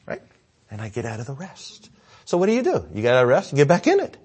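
A male pastor preaching in a conversational way, asking the congregation questions and calling for amen, swinging from loud to hushed. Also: medium pitch, wildly swooping pitch, fast talker, husky. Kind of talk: sermon.

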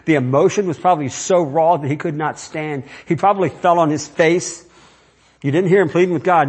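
Male pastor, slightly high husky voice, sermon delivered as an informal talk full of rhetorical questions. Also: fairly quick. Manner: conversational preaching with rhetorical questions.

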